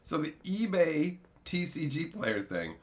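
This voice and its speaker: A man's voice: fairly high pitch, unhurried. A man in his thirties chatting casually on a stream, sarcastic and jokey. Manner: animated, jokey, sarcastic, swings into funny voices. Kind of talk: casual chat.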